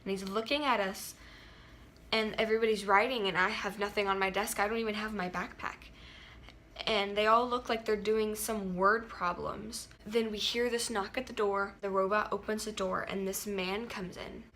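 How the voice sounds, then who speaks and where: Bright-voiced teen girl telling a story. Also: medium pitch, fairly even intonation, normal speed, slight background noise. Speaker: vlogger. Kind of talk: casual storytime retelling a dream.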